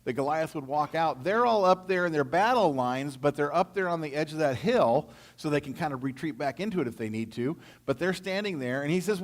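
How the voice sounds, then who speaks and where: Lively-voiced man teaching the Bible. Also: fairly high pitch, fairly quick, few pauses. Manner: casual, folksy storytelling with slang and asides.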